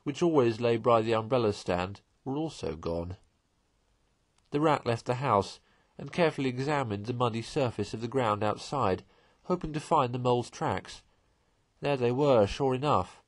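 A man reads a classic children's novel aloud, narrating in a measured and expressive way. His voice sits at a middling pitch for a man. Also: no echo. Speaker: storyteller.

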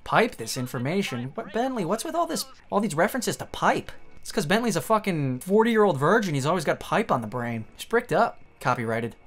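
A man giving profane, joking commentary as he plays a video game, reacting loudly to the screen. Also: sits high, brisk, faint music behind. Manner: excitable, swearing, joking at the screen. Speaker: let's play streamer.

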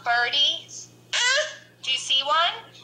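A woman's voice: high-pitched, expressive, slow pace, bright, forceful tone, poor audio. A young woman in a home video, caring for a toddler and giving firm, patient instructions. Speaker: caregiver changing a toddler. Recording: home video with background noise.

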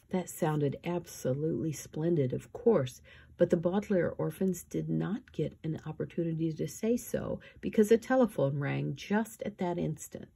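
Audiobook narrator: woman, low and husky, steady measured reading. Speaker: audiobook reader. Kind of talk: scripted narration.

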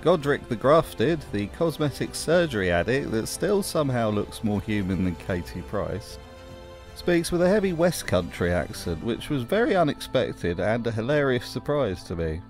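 Over soft background music, a man narrates a scripted video essay with wry, jokey commentary. His voice is medium in pitch with big pitch swings, at normal speed.

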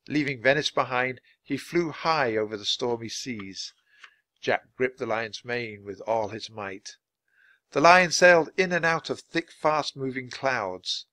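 A man reading a children's adventure book aloud, clear and steady for language learners. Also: mid-range voice, no room sound. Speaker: storybook reader.

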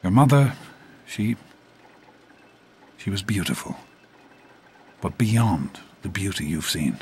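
A man's voice: low-pitched, animated, takes it slowly, slight background noise. An actor playing a middle-aged father speaking tenderly and earnestly to his son.

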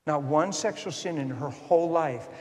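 A man preaching a storytelling sermon, swinging from hushed asides to loud, impassioned peaks. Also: on the high side, normal speed. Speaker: guest preacher. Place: church sanctuary. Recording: long church hall reverb.

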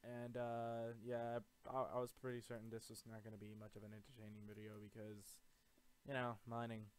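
A man's voice: mid-range voice, monotone, brisk. Jittery man swearing through game commentary. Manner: jittery, swears a lot, boasts that he is not scared. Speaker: gaming video host. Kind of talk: Let's Play commentary.

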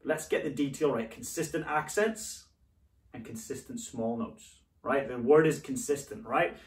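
A man's voice: mid-range voice, measured pace, background noise. A man teaching a drumming lesson, coaching encouragingly and calling out the rudiment syllables as his students play. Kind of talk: instructional lesson. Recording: echoey room, voice a bit far from mic.

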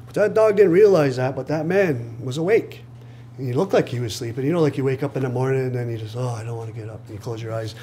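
Lively male storyteller, faint hum. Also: medium pitch, fast. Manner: lively, acts out voices, chuckles at his own jokes. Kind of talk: live oral storytelling. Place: live reading event.

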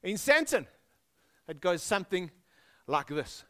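Emphatic South African preacher man. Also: moderate pace. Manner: animated, emphatic, dropping low for emphasis. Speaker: pastor. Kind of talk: sermon.

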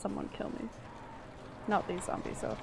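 A woman's voice: normal speed, noisy background. A woman streaming a game live, giving an anxious running commentary full of swearing.

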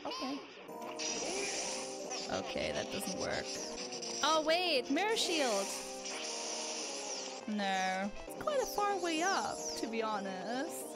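A woman streamer giving excitable let's-play commentary, gasping and laughing as she reacts to the game. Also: a little high, takes it slowly. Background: game music.

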